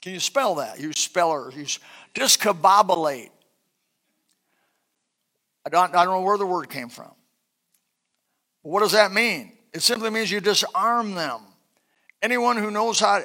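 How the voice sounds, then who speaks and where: A middle-aged man preaching a sermon, swinging between loud bursts and soft, quiet asides. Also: sits high, normal speed, long pauses. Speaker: pastor.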